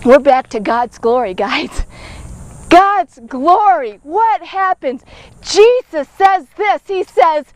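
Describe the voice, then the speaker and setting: Very high-voiced woman teaching a devotional. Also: animated, slow pace, no echo. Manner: conversational, checks in often with "okay?" and "all right?"; dramatic, acts out the people in the story. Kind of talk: casual devotional Bible teaching.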